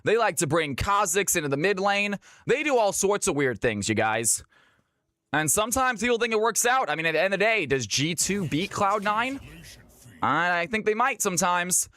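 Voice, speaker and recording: A man's voice: sits high, big pitch swings, moderate pace, bright, forceful tone, dry recording. A man from Georgia in the US, hosting a live stream and calling custom games with a hyped announcer delivery. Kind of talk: live game commentary.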